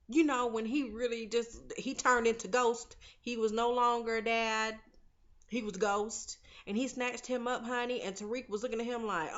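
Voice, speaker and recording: Here a TV recap vlogger speaks a little high, with fairly even intonation, at an unhurried pace and with a fairly bright tone. She's casual, opinionated and chatty, calling viewers "y'all" and "honey." The sound is lo-fi.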